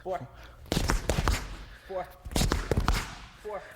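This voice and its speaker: A man acting as a training partner, calling out combo numbers in short single-word counts. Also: very slow. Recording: echoey hall with loud background noise.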